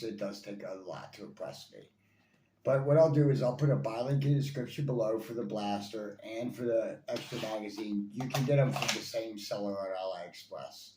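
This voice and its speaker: A man's voice: lowish voice, mellow, a little hiss or hum. A man reviewing toy blasters in casual chat, enthusiastic and rambling, with lots of fillers and repeats. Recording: echoey room, faint ambience.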